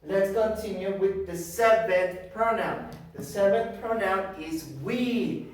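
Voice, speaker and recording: A man teaching English to young children, speaking slowly and emphatically, repeating each word and often checking with "ok?". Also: high voice. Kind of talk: bilingual classroom lesson. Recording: roomy echo, from far off.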